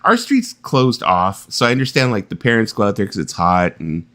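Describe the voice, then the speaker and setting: Brief: male stream host, jokey, laughs easily, low and animated. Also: normal speed. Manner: joking, laughs often, animated. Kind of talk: casual live-stream chat.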